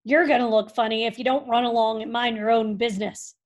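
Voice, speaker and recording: A woman voicing a proud, grumpy male ranch dog who talks gruffly and defensively. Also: a little high, fairly even intonation, a little fast, natural voice. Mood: irritated.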